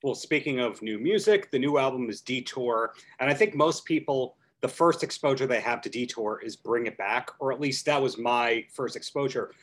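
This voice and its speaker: Man, mid-pitched voice, podcast host, chatty, rambling questions. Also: normal speed, few pauses, a bit bright. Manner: chatty, long-winded questions. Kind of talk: casual interview chat.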